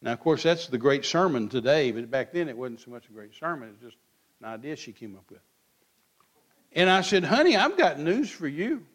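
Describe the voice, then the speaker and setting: A man's voice: mid-range voice, brisk. A man, preaching in church in a blunt, folksy way and acting out both sides of quoted back-and-forth. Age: 60s. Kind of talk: sermon.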